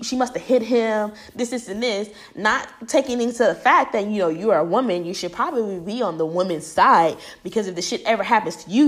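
Animated young woman, casual profane commentary. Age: young adult. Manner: animated, profane, acts out quoted voices high and loud. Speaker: vlogger.

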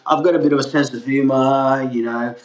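A man's voice: mid-range voice, steady tone, brisk, echoey room. A Turkish man with a slightly Australian-tinged accent, a pizza maker chatting as a podcast guest, full of fillers and restarts. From Turkey. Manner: rambling, many fillers and restarts, laughs easily. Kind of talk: casual podcast interview.

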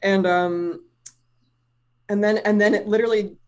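A woman telling a personal story in casual chat, animated and swearing freely, with lots of "like" fillers. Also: mid-range voice, unhurried.

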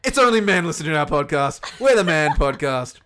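A man's voice: fairly high pitch, sing-song, a little fast, background noise. Foul-mouthed ranting man. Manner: profane, ranting comic tangents. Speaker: podcast co-host. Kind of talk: casual podcast chat.

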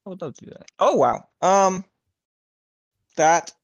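A player in a tabletop game speaking haltingly, trailing off mid-sentence. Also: mid-range voice, expressive, muffled recording. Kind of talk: casual tabletop game chat.

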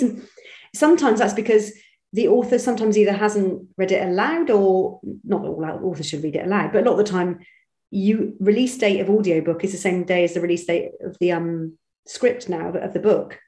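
A woman from Britain who works as an actor and audiobook narrator, answering interview questions in a chatty, animated way with quick restarts. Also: mid-range voice, roomy sound, low-quality recording. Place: home studio.

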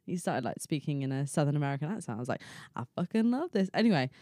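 A woman's voice: sits low, sing-song, quick pace, warm tone, no room sound, studio quality. A woman co-hosting a podcast, telling stories in a playful, laughing casual chat. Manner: playful, storytelling, laughs a lot. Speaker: podcast co-host.

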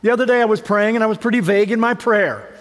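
A man preaching a sermon in a church, his voice sitting notably high for a man. He talks conversationally, tosses out rhetorical questions and often stumbles back over his own words. Long reverb from the sanctuary trails each phrase. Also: quick pace. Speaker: pastor.

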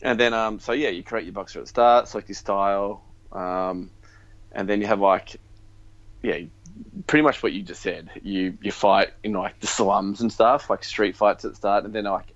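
In a casual podcast chat about games, a male co-host rambles on with plenty of ums and likes. His pitch is fairly low, his intonation fairly even, and he talks at a normal speed. The sound is dull and lo-fi.

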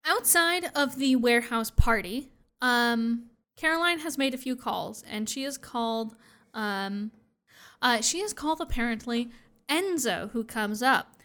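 Woman, podcast co-host, casual recap chat, slightly high voice, animated delivery. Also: a little slow. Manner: animated, acts out quoted lines.

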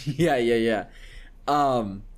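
A man's voice: mid-range voice, drawn-out words. A man talking on a casual podcast in an earnest, rambling way. He restarts often and circles back to his point with loose fillers. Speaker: podcast co-host, voice actor.

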